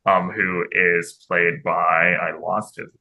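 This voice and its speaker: A man co-hosting a podcast in casual chat, rambling and animated, laughing often. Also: sits low, slow, vocal fry, dull audio. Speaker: podcast co-host.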